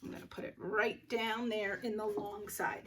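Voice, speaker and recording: A first grade teacher, a woman, leading a phonics lesson for young children and sounding out words slowly, with little gasps of discovery. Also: mid-range voice, little pitch movement, fairly bright tone, recorded from a distance, slight background noise.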